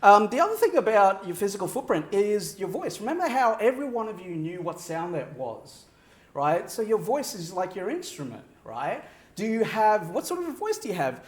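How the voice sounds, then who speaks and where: A man giving a keynote speech to a live audience, animated, shifting his pitch and pace for effect and laughing often. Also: normal speed, echoey room. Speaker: keynote speaker. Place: large venue with audience.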